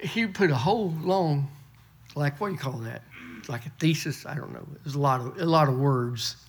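A man's voice: fairly high pitch, normal speed, a little hiss or hum. A middle-aged man preaching a folksy sermon, often repeating and restarting words. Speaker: pastor. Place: church.

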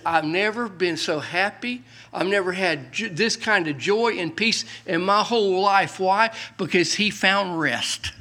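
A man preaching a sermon as pastor, reading scripture aloud loudly and dropping to quiet, folksy asides. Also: a little high.

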